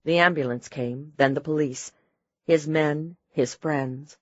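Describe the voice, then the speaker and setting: A woman reads an audiobook in a low, steady, measured voice. The recording is dry and close, with a slightly dull, muffled tone. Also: dry recording. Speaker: audiobook narrator. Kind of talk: scripted narration.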